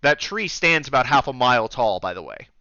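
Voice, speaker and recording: A man's voice: mid-range voice, very animated, a little fast, bright, forceful tone, muffled recording. A man narrating a tabletop game as game master, loose and casual. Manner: loose, swearing, drawling "y'all".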